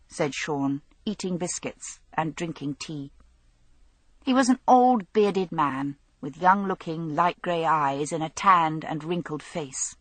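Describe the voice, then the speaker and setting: A woman narrating an audiobook mystery in an expressive storytelling manner. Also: sits low, takes it slowly, no echo. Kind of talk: scripted narration.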